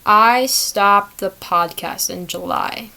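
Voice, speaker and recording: A woman's voice: medium pitch, takes it slowly, vocal fry, pushed and bright. A young adult woman hosting a solo podcast, chatting in a rambling, self-deprecating way. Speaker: podcast host. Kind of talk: casual solo podcast monologue.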